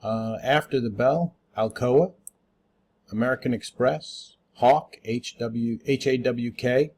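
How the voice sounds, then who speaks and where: Give me a man with a medium-pitched voice doing a relaxed, unscripted stock market rundown, spelling tickers out with lots of fillers. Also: takes it slowly. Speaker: stock market watchlist host.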